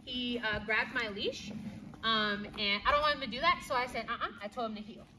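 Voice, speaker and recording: A woman dog trainer explaining obedience to viewers while working with her dog, firm and brisk, with frequent tag questions. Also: fairly high pitch, bright, forceful tone, a little hiss or hum. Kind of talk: outdoor training demonstration.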